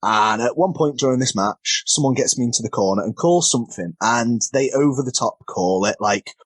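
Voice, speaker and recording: A wrestler being interviewed tells rambling, self-deprecating stories, often stumbling over his words. His mid-range voice is slightly rough and a little fast, with no room sound.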